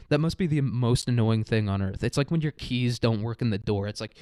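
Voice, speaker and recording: A man hosts a podcast, riffing in a loose comedic monologue full of slang and swearing. He laughs often and keeps an easy middle pitch. He is recorded close on the mic in a dry room. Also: a little fast, hardly any pauses, dark tone, smooth, no echo. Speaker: podcast host. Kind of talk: casual rambling comedic monologue.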